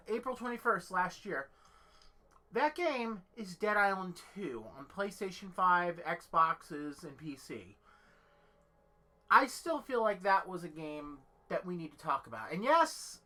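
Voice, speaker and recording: A woman's voice: mid-range voice, bright, forceful tone. A woman hosting her own channel, rambling casually about a game she loves, swearing freely and restarting sentences often. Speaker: channel host.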